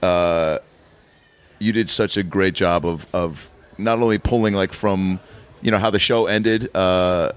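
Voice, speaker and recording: A podcast host with a deep voice, easing into questions with plenty of hesitations and fillers. He talks in a loose, informal way. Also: steady tone, smooth. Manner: halting, many fillers. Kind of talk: casual interview.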